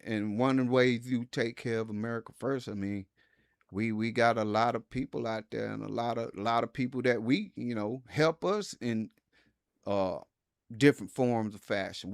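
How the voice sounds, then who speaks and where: A man co-hosting a casual political talk stream, speaking haltingly with many pauses and restarts. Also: mid-range voice, vocal fry, no room sound, studio quality. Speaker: co-host.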